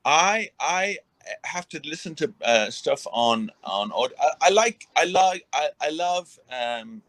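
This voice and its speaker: A man's voice: a little high, lively intonation, slow, a bit bright, no room sound. A middle-aged man, a retired boxer, rambling through a casual interview with many restarts and fillers. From Ireland.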